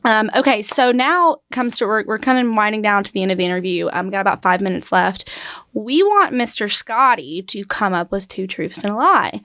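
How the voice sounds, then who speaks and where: A woman's voice: medium pitch, expressive, normal speed, fairly bright tone. A young woman hosting a casual interview, chatty and bubbly. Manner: chatty and bubbly, laughs easily. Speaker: interview host.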